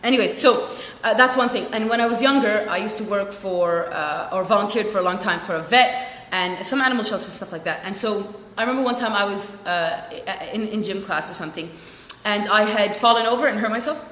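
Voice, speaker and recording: A young woman rambling through a funny work story, self-mocking and jumping into squeaky voices for quotes. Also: brisk, fairly bright tone. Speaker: vlogger. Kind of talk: casual storytelling vlog. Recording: echoey room with long reverb.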